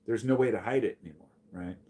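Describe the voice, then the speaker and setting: A man's voice: fairly low pitch, fast talker, slightly rough. A man talking bluntly and profanely on a casual livestream, reading and answering his chat. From United States. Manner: blunt, profane, animated when greeting chatters. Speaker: live streamer.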